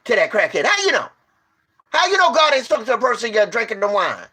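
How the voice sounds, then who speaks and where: Emphatic high-voiced man preaching informally. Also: wildly swooping pitch, quick pace, husky. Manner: emphatic, repeats rhetorical questions, stumbles and restarts; storytelling, swinging from low to loud.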